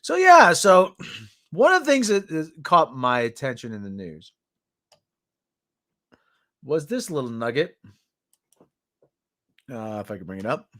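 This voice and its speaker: A man's voice: mid-range voice, very animated, unhurried, long pauses, a bit bright. A man hosting a podcast, giving sarcastic, ranting news commentary in a mocking tone. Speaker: podcast host.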